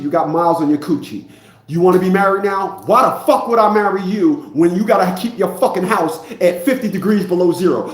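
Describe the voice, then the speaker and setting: A man's voice: sits high, echoey room. A man in his fifties ranting in a preachy, profane monologue, often repeating himself. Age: 50s. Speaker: vlogger.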